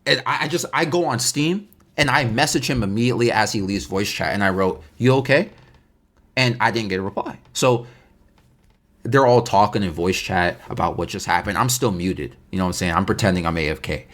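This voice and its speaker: A young man casually telling a story from his gaming life, animated and slangy, often repeating himself for effect. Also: on the low side, a little fast.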